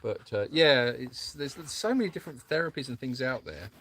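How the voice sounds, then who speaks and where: A man co-hosting a live stream from an animal sanctuary, who talks in a rambling, jokey, animated way. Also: mid-range voice, brisk, slight background noise. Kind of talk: casual live-stream chat.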